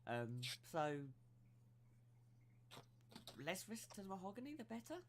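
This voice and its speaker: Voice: medium pitch, huge pitch swings, brisk, slight background noise. A tabletop game player speaking in character in an eager, chatty way. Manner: eager, chatty, laughs easily. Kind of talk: casual in-character role-play.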